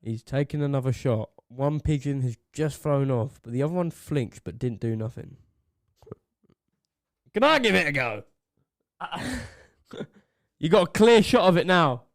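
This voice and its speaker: A young man co-hosting a podcast, giving excitable running commentary between laughs at a desk mic in a small home studio. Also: on the high side, unhurried, long pauses, dry recording. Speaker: podcast co-host. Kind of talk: casual chat.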